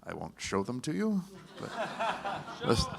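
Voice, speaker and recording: A man's voice: mid-range voice, huge pitch swings, a little slow, vocal fry. A man on a convention panel describing a costume process in emphatic, particular detail. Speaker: costumed character performer, panelist. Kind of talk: live panel answer.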